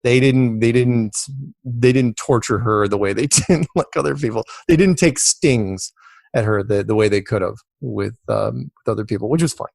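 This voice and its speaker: A man's voice: mid-range voice, moderate pace, gravelly, no echo. A man talking as an interview guest, rambling and circling back on his words while acting out what other people told him. His voice sits in a middle range, and the sound is dry and close, with no room around it. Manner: rambling, repeats words, animated quoting of others. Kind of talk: casual storytelling in an interview.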